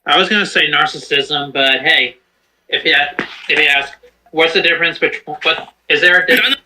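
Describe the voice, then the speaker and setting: A man's voice: a little high, a little fast, bright, forceful tone, a little hiss or hum, poor audio. A man co-hosting a casual chat, joking and swearing freely. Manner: profane, joking. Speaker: podcast co-host.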